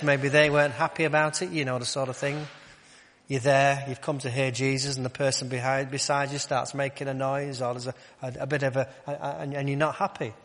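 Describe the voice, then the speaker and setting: A male preacher with a mid-range voice gives a conversational sermon, posing rhetorical questions and dropping to a quiet voice to stress his points. The recording carries a long hall reverb.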